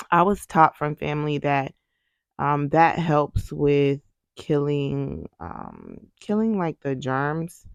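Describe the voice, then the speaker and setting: A woman's voice: low voice, no room sound, clean studio sound. A woman vlogger narrating her day in a chatty, sassy voice-over, talking straight to her viewers. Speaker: lifestyle vlogger.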